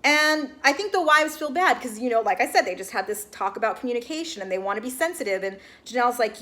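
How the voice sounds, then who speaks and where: A woman's voice: on the high side, lively intonation, quick pace, few pauses, pushed and bright. A woman giving a casual recap of a reality show, chatty and full of "like" and "you guys", acting out what the people on the show said.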